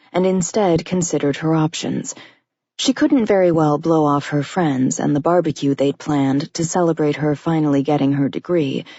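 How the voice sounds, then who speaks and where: Romance audiobook reader, woman, low-pitched and intimate, dry close sound. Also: mellow, slightly rough, no room sound, muffled recording. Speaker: audiobook narrator. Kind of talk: scripted romance narration.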